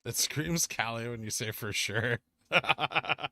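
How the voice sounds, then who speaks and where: A man's voice: medium pitch, slow pace, sharp tone. A man with a Southern Californian accent, casually reading chat messages aloud on a live stream and answering them, saying "like" a lot. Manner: reads chat comments aloud and answers them, chatty, says "like" often.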